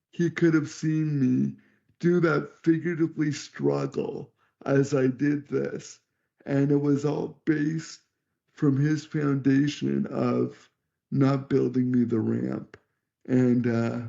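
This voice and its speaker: Gravelly man telling a personal story. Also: a little high, warm tone. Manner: reflective, earnest, with restarts. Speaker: guest speaker. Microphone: video call. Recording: dull lo-fi call audio.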